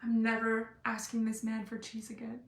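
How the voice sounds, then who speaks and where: A young woman giving a motivational live talk, bubbly and playful, and she acts out little scenes as she goes. Her voice sits high with touches of vocal fry. The room gives it a noticeable echo. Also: monotone, moderate pace. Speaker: life and business coach.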